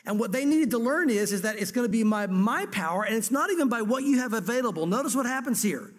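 Man, pastor, sermon, high-pitched, animated storytelling, reverberant hall. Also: fast. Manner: lively storytelling, dramatizing scripture dialogue.

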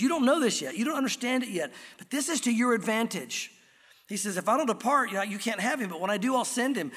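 A man preaching a sermon as pastor, slowing down to stress key words from scripture. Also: high-pitched, a bit bright. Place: church sanctuary. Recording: long hall reverb.

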